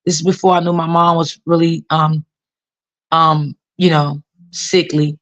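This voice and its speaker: A woman's voice: low-pitched, level tone, measured pace, fairly bright tone, highs cut off. A woman telling a personal story to her viewers in a casual way, often repeating herself and using many fillers. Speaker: author talking to viewers.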